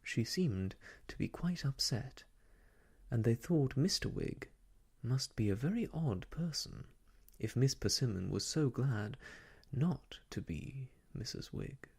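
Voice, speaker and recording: A man reading a children's classic aloud in a gentle, hushed, half-whispered ASMR style. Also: medium pitch, animated, slow, gravelly, slightly rough. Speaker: storyteller. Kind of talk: soft-spoken ASMR story reading.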